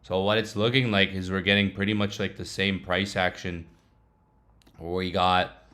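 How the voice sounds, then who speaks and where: A young trading vlogger with a low, deep voice walks through his charts in a loose, chatty vlog. He speaks in relaxed slang, dropping quick laughing asides.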